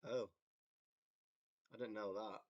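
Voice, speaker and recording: A young man from England who is in a band hosts a laid-back livestream chat, telling a long, wandering story with plenty of laughter and reading out viewer comments. He speaks slowly in a lower register with fairly even intonation, and his computer mic cuts off the highs.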